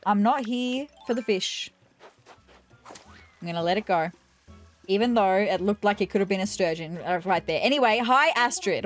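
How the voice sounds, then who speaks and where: A woman's voice: mid-range voice, moderate pace, pauses often, soft background music. A woman gaming YouTuber chatting casually and digressively over her gameplay, laughing easily.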